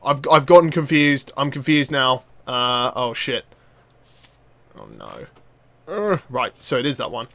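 A young man giving excitable let's-play commentary, laughing, swearing and talking back to the characters on screen. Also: medium pitch, a little slow, vocal fry, pauses often, dry recording. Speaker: gaming channel host.

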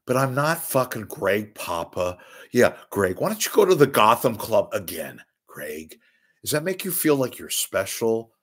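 A man's voice: lowish voice, very animated, unhurried, a bit bright. A middle-aged man hosting a show, delivering a profane, sneering rant of media commentary. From San Francisco Bay Area. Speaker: podcast host. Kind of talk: ranting commentary.

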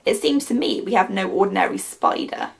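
A woman voicing a practical, skeptical farmer's wife who talks in a brisk, questioning way. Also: medium pitch, huge pitch swings, gravelly.

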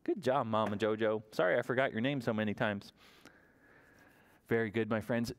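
A man reading a picture book aloud at a library toddler storytime, in an animated sing-song way and often asking the children questions. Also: lowish voice, moderate pace. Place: public library storytime room.

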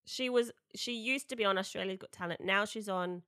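A woman's voice: medium pitch, brisk, bright, forceful tone, no room sound. A woman co-hosting a podcast, chatting casually and giggling as she reads out tweets. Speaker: podcast co-host. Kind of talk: casual chat. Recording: dry studio mic.

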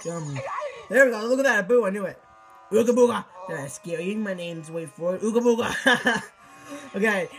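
A high-pitched teenage boy talks through a game in loose, casual commentary, tripping over his words and breaking into sudden exclamations. Faint game music plays softly behind him. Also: rough recording. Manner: excitable, rambling, frequent restarts and exclamations. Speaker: gameplay commentator.

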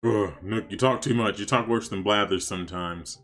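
A man casually commenting on his gameplay for stream viewers, chatty and excitable, talking to his chat. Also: on the low side, moderate pace. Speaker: streamer playing a life-sim game.

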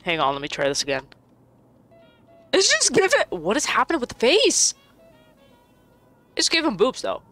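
A young woman giving casual, excitable commentary while playing a video game, laughing and shrieking often. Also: fairly high pitch, moderate pace, pauses often, faint music behind. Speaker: gaming streamer.

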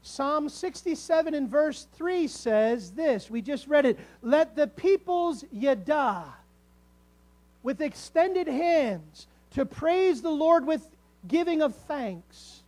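High-voiced male pastor preaching emphatically. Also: animated, slow pace, a little mellow. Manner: preaching with rising, emphatic calls to the congregation. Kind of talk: sermon.

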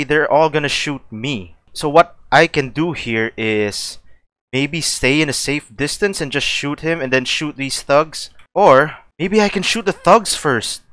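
Excitable young gamer guy, swearing and laughing. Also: fairly high pitch, no room sound. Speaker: gaming streamer. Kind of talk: let's play commentary.

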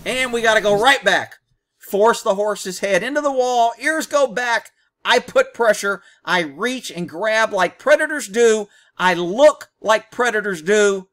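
Man, high-pitched, blunt, combative, emphatic commentary. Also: lively intonation, measured pace, fairly bright tone. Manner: emphatic, explaining in short punchy lines. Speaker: host commenting on a horse-training video.

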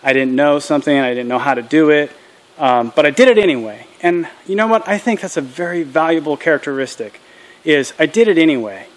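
A man's voice: a little high, fairly quick. An earnest man hosting a casual vlog outdoors, talking candidly and peppering his talk with acronyms. His voice sits a touch above the usual male range. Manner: earnest and candid, drops acronyms and military jargon. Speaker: channel host. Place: outdoors at a small farm processing setup.

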